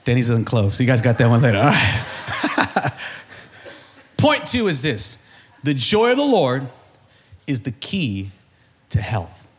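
A man preaching a sermon as pastor, building to shouts and joking with the congregation, calling out questions for them to answer. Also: mid-range voice, wildly swooping pitch, takes it slowly, pauses often. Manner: preaching with rising shouts and humor, call-and-response.

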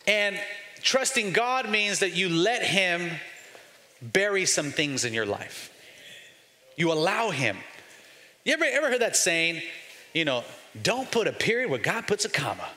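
A man's voice: high-pitched, sing-song, unhurried, long pauses, sharp tone. A man in his forties, a pastor preaching to his congregation with emphatic call-and-response. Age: 40s. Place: large church sanctuary. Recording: long hall reverb, faint music underneath.

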